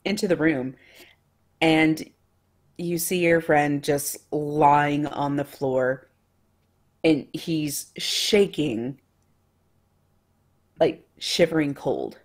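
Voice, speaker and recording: Female game master, low-pitched, slow and casual in her narration. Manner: relaxed, casual narration with fillers.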